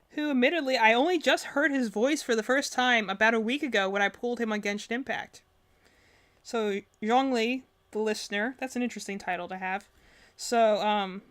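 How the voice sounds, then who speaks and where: A woman streaming as she reacts to game trailers, talking casually and rambling, with lots of fillers and self-corrections. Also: fairly high pitch. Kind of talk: casual live-stream commentary.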